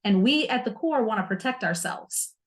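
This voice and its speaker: A woman's voice: on the high side, animated, moderate pace. A woman hosting a self-help podcast, talking candidly and with humor, using playful slang. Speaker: podcast host.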